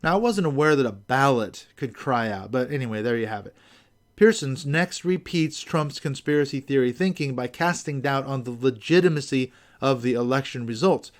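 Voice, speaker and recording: A man's voice: medium pitch, animated, moderate pace. A man hosting a podcast, reading scripted commentary with wry, skeptical asides. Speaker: podcast host.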